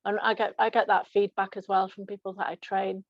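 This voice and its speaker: Gravelly woman hosting a video call. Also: mid-range voice, level tone, brisk, dry recording, dull audio. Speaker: host and aviation English trainer. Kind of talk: online panel discussion.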